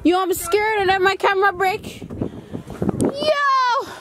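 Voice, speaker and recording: A young woman vlogging outdoors at a farm fair on a handheld camera, jittery and excitable with loud exclamations. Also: very high-pitched, slow, heavy background noise. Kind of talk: casual vlog chatter.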